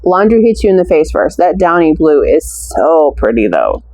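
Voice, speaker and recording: Chatting casually about her wax melt scent haul, an American woman gushes and stretches her descriptive words out. She has a low, dark-toned voice with a sing-song lilt and a moderate pace, and the recording quality is low.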